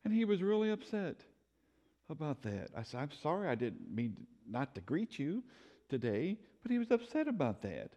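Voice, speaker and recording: A man leads a church Bible study with a fairly high and very animated voice. He tells stories, laughs often and keeps the class engaged, while a long reverb lingers behind him. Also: normal speed, muffled recording.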